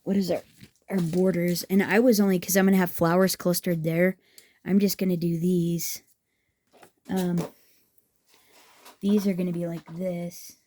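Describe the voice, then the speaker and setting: A woman's voice: fairly low pitch, flat delivery, unhurried, long pauses, mellow, slight background noise. A woman chatting casually through a craft tutorial, enthusiastic and thinking aloud as she works. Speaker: craft vlogger.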